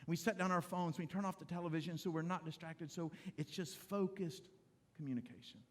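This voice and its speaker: A middle-aged pastor with a high voice preaches in a church sanctuary. He talks straight to his congregation, conversational and joking. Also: fairly quick. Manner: conversational, humorous preaching addressing the congregation directly. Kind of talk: sermon.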